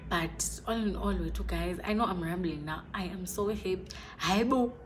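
A young woman from South Africa chatting excitedly in a casual vlog, rambling and often dropping to a near whisper. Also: lowish voice, moderate pace, very noisy. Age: young adult. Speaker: vlogger.

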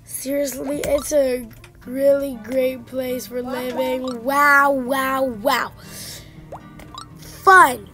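A high-pitched woman gives an unhurried running commentary on her game, chatting and telling off the characters on screen. Game music plays clearly behind her voice. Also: flat delivery, bright, forceful tone. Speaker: gaming channel host.

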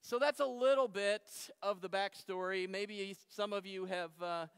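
A man's voice: high voice, fairly even intonation, unhurried, a bit bright, clean tone. A man, a pastor, narrating a story during a sermon in a playful, self-interrupting way. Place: church sanctuary. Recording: reverberant church hall.

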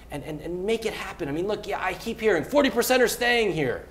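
A man, a venture capitalist guest on stage, speaking in an animated, rambling way full of fillers and restarts. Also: high-pitched, brisk, a little hiss or hum. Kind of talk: onstage interview. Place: event hall before a live audience.

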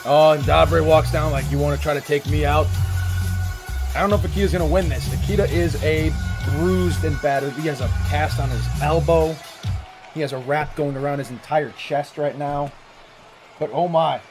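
A man giving excited, swearing play-by-play commentary on a wrestling match, shouting at the big moves. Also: on the high side, normal speed. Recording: music playing behind the voice.

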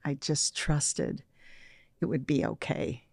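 Older woman, gravelly voice, quiet reflective storytelling, trails off into near whispers, dry close sound. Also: deep voice, takes it slowly, no room sound. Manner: soft-spoken, often trails into quiet near-whispers, laughs lightly. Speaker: interview guest, meditation practitioner.

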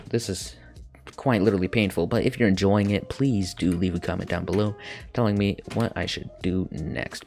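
A man's voice: low voice, creaky. A young man giving casual, jokey gameplay commentary on a desk mic, swearing bluntly as he plays. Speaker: gaming YouTuber.

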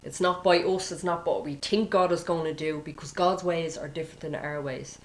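A woman's voice: low voice, fairly even intonation, moderate pace, slight background noise, low-quality recording. A woman preacher giving an informal sermon, peppering it with "you know" and "okay?" and acting out prayers. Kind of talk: conversational sermon.

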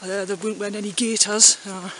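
A man's voice: sits high, level tone, quick pace, poor audio. A man joking dryly as he rambles through a rural valley, talking to the camera while he walks outdoors. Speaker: vlogger. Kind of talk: walking vlog commentary. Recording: loud wind and outdoor noise.

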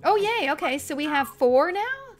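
Excitable woman game streamer, slightly high voice, casual chat over low music. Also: moderate pace. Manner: excitable, easily startled, apologetic.

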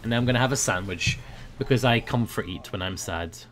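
A young man giving playful commentary over a video game, breaking into loud high yells when the action heats up. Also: brisk. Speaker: gaming video host. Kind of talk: casual gameplay commentary.

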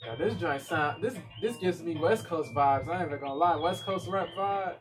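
A man's voice: fairly high pitch, fairly quick, over music. An American man reacting to a rap track in casual, slangy talk, often restarting his sentences. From United States. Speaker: music reaction YouTuber.

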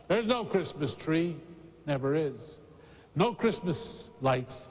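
A husky, somewhat high-pitched male pastor preaching and telling a story with dramatic pauses. His voice rings out through a huge cathedral with a long reverb. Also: lively intonation. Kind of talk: sermon. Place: large cathedral.

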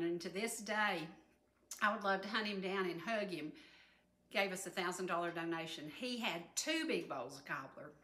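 In an indoor kitchen with an echoey sound, a Southern US woman in her sixties hosts a cooking segment like a talk show host. Her mid-range voice is pushed and bright, and her manner is folksy and homey, complete with "y'all."

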